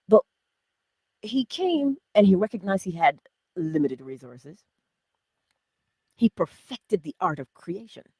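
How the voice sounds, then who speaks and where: A middle-aged woman hosting a spiritual self-help livestream, talking casually and animatedly, jumping from loud exclamations to whispers. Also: fairly low pitch, no echo. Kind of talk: casual motivational talk.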